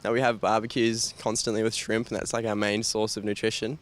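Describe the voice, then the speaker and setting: An Australian man with a clear, smooth voice chats playfully in a street interview. He hesitates now and then with an "um" or "uh" as he lists his answers. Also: on the low side, little pitch movement, a little fast. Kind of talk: casual chat.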